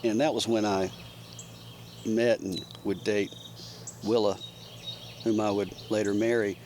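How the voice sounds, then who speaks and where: Brief: thoughtful older man, low voice, faint crickets in background. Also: flat delivery, a little mellow, slight background noise. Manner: measured, thoughtful. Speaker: guest, brother. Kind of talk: casual reflective chat. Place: mountain cabin.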